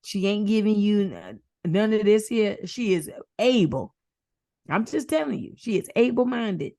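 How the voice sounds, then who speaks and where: A woman co-hosting a casual podcast, talking in an animated, profane way and slipping into mimicked voices. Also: medium pitch, unhurried, no room sound, studio quality. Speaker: podcast co-host. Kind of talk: casual chat.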